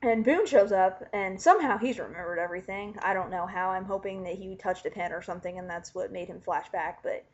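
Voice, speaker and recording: A woman giving an animated, casual spoken recap, chatty and swearing freely. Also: medium pitch, fairly quick, few pauses. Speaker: vlogger recapping a TV finale. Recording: dull lo-fi home recording.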